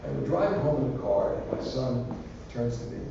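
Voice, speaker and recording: A man's voice: medium pitch, expressive, fairly quick, creaky, background noise. Older man joking in an echoey hall. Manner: rambling, anecdotal, joking. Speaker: university president answering student questions. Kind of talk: casual public Q&A. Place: large lecture hall. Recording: echoey hall from far off, dull and lo-fi.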